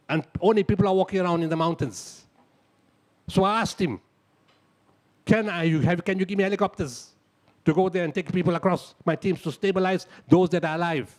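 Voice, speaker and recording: A man's voice: on the high side, brisk, a little mellow. A middle-aged man, telling a dramatic story at a live talk, acting out the dialogue and hammering home lists. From South Africa. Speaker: humanitarian speaker.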